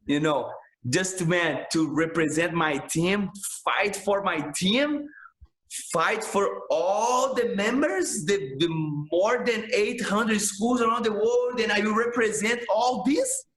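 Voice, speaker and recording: A man's voice: high-pitched, slow, a bit bright, roomy sound, low-quality recording. A man, a jiu-jitsu instructor talking passionately in a casual podcast interview, filling his speech with "man" and "bro".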